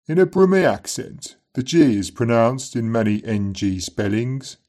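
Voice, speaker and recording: A man teaching an accent lesson in scripted narration, saying each example word slowly and carefully, often twice. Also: medium pitch, big pitch swings, darkish tone.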